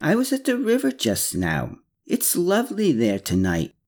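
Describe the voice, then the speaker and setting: A male narrator voicing a kind, gentle young woman who speaks softly and a little hesitantly. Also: a little high, huge pitch swings, moderate pace, pitched above the performer's own voice. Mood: warm.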